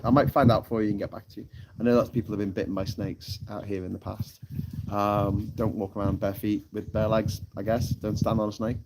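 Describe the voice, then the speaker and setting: A British man hosting a live stream from a tropical island, chatting casually, reading out the live chat, swearing freely and laughing at his own jokes. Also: lowish voice. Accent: British English. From United Kingdom. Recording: loud background noise.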